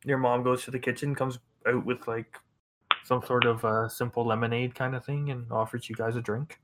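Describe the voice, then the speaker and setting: A man's voice: mid-range voice, level tone, moderate pace. A man narrating as game master of a tabletop game, in a loose style full of fillers.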